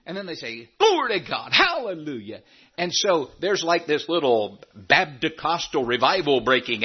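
A man with a husky voice preaches to his congregation in a folksy, joking manner, lifting his voice high on points he wants to land. The recording is dull and lo-fi, as if taped from the church sound system. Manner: folksy preaching with rising emphatic peaks and humor. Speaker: pastor. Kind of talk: sermon. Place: church sanctuary.

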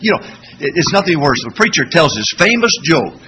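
A man's voice: a little high, sing-song, fairly quick, background noise. A man preaching a sermon in church, telling stories and asking the congregation rhetorical questions. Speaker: pastor.

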